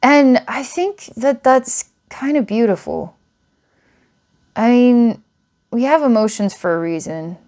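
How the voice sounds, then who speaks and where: A woman's voice: on the high side, lively intonation, takes it slowly, a little mellow. Earnest, rambling woman psychic reader. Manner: rambling, earnest, frequent restarts and laughter. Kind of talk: recorded psychic reading for a client.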